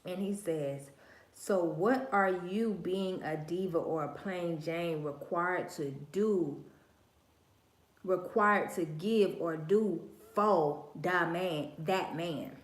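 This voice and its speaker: This livestream host, a woman with a fairly low voice and a slow pace, gives a casual monologue of her opinions, slangy and emphatic, preaching and repeating herself. The audio is reverberant.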